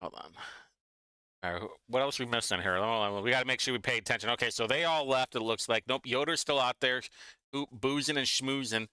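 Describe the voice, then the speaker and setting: A man's voice: medium pitch, brisk, sharp tone, clean tone, dry recording. A man hosting a casual live watch-along stream, talking in a chatty, mocking, rambling way.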